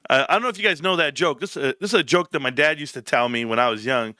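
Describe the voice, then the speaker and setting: A man's voice: fast, no room sound, clean studio sound. A middle-aged man hosting a casual livestream, telling stories and acting out quotes with laughs and lots of "bro". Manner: animated storyteller, acts out quotes with big pitch jumps; laughs often, says bro a lot. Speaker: livestream host.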